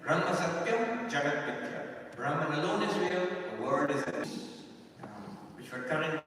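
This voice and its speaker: A man with a high voice gives an earnest spiritual lecture as a monk, slowing down to weigh his key words. He is picked up from a distance in a large stone chapel, with a heavy echo and a long reverb tail. A faint hiss sits underneath. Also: sing-song, fairly bright tone. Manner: earnest, explanatory, with emphatic slowing on key phrases. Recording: very echoey chapel recorded from afar.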